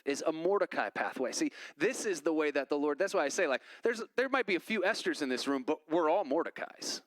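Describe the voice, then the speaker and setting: Male pastor, slightly higher voice, dry close sound, chatty animated sermon delivery. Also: no room sound, rough recording. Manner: conversational, animated storytelling with quoted voices. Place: church.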